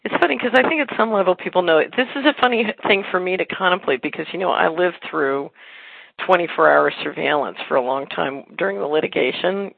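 A woman hosting a casual talk show who tells rambling stories in quick bursts and laughs easily. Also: fairly low pitch, lively intonation, creaky, breathy edge, no room sound. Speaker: podcast host. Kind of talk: casual conversation. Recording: phone-line audio, dry.

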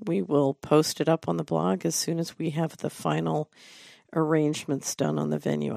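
A middle-aged woman hosting a talk show, delivering a measured, deliberate commentary monologue. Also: deep voice, steady tone, creaky, warm tone, no echo, clean studio sound. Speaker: host.

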